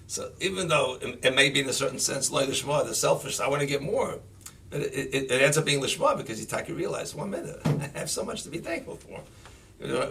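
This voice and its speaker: A man, a rabbi, giving an animated sermon full of stories, rising to near-shouting when he drives a point home, recorded from a distance. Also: mid-range voice, creaky. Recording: voice distant from the mic, faint background noise.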